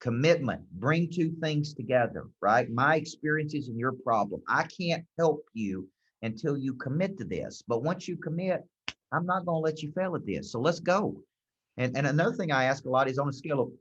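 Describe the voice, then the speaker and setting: A man's voice: medium pitch, expressive, moderate pace, husky. A man giving emphatic sales coaching advice, repeating key phrases for punch. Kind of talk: motivational coaching talk. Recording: dull lo-fi recording.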